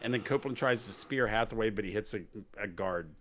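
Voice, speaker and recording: A man's voice: fairly low pitch, fast, fairly bright tone, slight background noise. A man hosting a wrestling podcast, recapping the show in casual chat with sarcasm and silly impressions of wrestlers. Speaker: podcast host.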